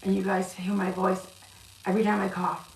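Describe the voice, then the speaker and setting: A woman reading cards on a live stream, chatting warmly with viewers and calling them love. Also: mid-range voice, level tone, fairly quick, gravelly, far from the mic. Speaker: card reader. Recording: echoey room, off-mic, noisy.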